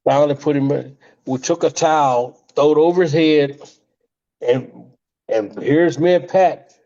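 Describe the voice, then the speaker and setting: An older man, a retired wrestler, telling animated stories in an interview, with frequent laughs and restarts. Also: on the high side, a little slow, vocal fry. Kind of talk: storytelling interview. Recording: slightly muffled lo-fi audio.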